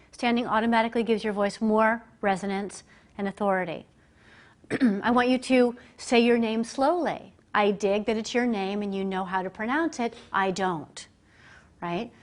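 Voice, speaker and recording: A woman at a middling pitch stands before a roomful of people as a communication coach. Her delivery is lively and chatty, and she slips into quick impressions of the voices she quotes. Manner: animated and conversational, acting out quoted voices. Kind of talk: live business presentation to an audience. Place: presentation room, speaking standing before a group.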